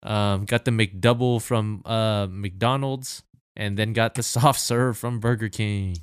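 Low-voiced man hosting casual chat. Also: steady tone, slow pace, smooth, dry recording, clean studio sound. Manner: teasing, runs the game. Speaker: podcast host.

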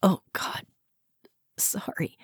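A woman reading a story, voicing a hungover, hurt wife who croaks and pleads in a hoarse voice. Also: drawn-out words, dry recording, whispered, studio quality. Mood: weak.

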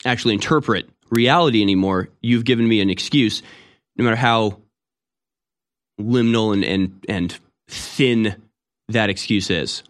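A man's voice: on the low side, a little slow, long pauses. A man delivering an opinionated, sarcastic monologue with rambling restarts. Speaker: commentator.

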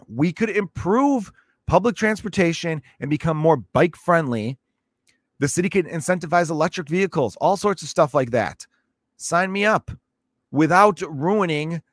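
A man's voice: a little high, no echo, clean studio sound. A man, a parent, ranting in a sarcastic, profane, exasperated way as a comedic host. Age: adult parent. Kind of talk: comedic rant.

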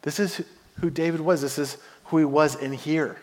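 Male pastor, storytelling sermon, hushed-to-emphatic swings, slightly high voice, big reverberant hall. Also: steady tone, normal speed.

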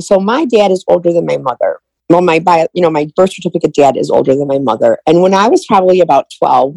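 A woman's voice: deep voice, gravelly, dark tone, dry recording, rough recording. A middle-aged woman telling her family story in an interview, retelling conversations in quoted dialogue. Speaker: guest.

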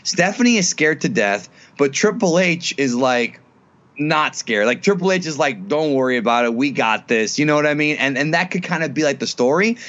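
A man co-hosting a casual wrestling podcast, animatedly pitching booking ideas with many restarts. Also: lively intonation, normal speed, fairly bright tone, lo-fi sound. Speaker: podcast co-host.

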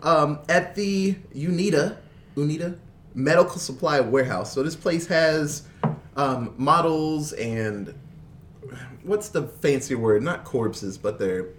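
A man's voice: on the high side, takes it slowly, slight background noise. A man casually retelling a zombie film plot, laughing often and acting out the characters' lines. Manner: animated storyteller, laughs often, mimics characters. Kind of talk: casual movie recap chat.

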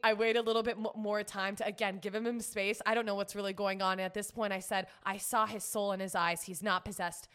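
An animated young woman spins a dramatic story in relaxed podcast talk. She laughs often and jumps into the voices of the people she quotes. Her pitch sits in the middle for a woman. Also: a little fast, few pauses. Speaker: podcast guest. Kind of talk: casual storytelling chat.

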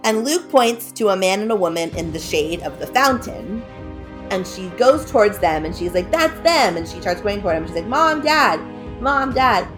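A woman's voice: mid-range voice, expressive, fairly quick, music in the background. A woman retelling a spooky story in a loose, chatty way, peppered with "like" and "kinda".

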